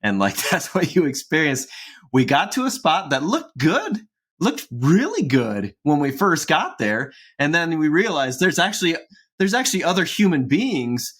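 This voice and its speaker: A man's voice: a little high, big pitch swings, normal speed, husky. Rambling man chatting on a podcast. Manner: rambling, with frequent restarts and soft laughs. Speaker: podcast co-host. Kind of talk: casual conversational podcast chat.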